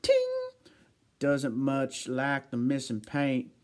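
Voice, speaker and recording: A laid-back country fellow who drags out his words, put on by a man reading chat aloud. He talks slow and low, easygoing and folksy, all about his beat-up truck. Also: flat delivery, lightly acted.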